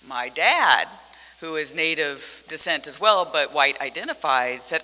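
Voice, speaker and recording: Woman panelist, conference talk, bright voice, lively storyteller. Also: low voice, a little slow. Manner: animated storytelling with vivid metaphors. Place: conference hall. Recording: echoey conference hall.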